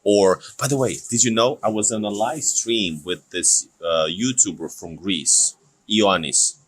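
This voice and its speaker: Very deep-voiced man with a Russian accent. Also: unhurried, husky. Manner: rambling, animated storytelling with restarts. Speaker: host. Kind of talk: casual chat.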